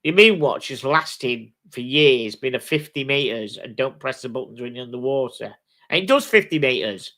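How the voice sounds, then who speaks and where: A man's voice: mid-range voice, animated, normal speed, bright, forceful tone. A British man hosting a live stream, chatting casually with viewers in a blunt, sweary way. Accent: British English. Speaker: livestream host. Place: home streaming setup.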